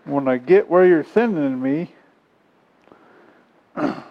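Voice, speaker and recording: A man's voice: fairly high pitch, animated, slow. Man preaching on a lo-fi recording. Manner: reads scripture then explains it in homey, chuckling asides. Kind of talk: sermon. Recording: dull lo-fi recording.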